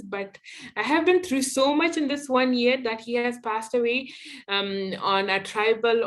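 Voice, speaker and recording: A young adult woman from Afghanistan, an activist guest telling personal stories in an interview, emphatic and candid, often restarting her phrases. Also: on the high side.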